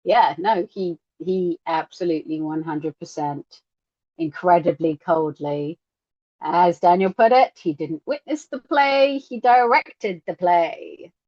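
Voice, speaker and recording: A woman co-hosting a podcast in casual chat, animated and acting out quotes in lively voices. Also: lowish voice, takes it slowly, no room sound. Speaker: podcast co-host. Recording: dull lo-fi sound.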